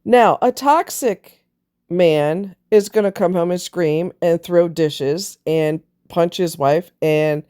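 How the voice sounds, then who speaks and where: Speaking in a fairly low, warm voice, this woman lectures bluntly and emphatically about relationships. She's a relationship commentator whose preachy, opinionated monologue includes offhand cursing.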